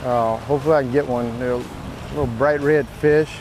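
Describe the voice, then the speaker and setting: A man's voice: mid-range voice, fairly even intonation, a little fast, background noise. A man hosting a fishing show from a boat, giving easygoing, joking tips as he fishes. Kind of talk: casual on-boat fishing commentary. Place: outdoors on a boat on the Gulf. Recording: background music over the voice.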